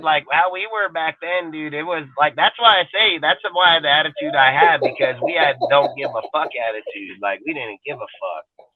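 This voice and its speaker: A man co-hosting a podcast, telling rough street stories in a loud, crude, profane way; he is from Northern California. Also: medium pitch, dry recording. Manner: loud, crude, constant swearing. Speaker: podcast co-host. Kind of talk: profane casual storytelling. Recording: tinny phone-like line.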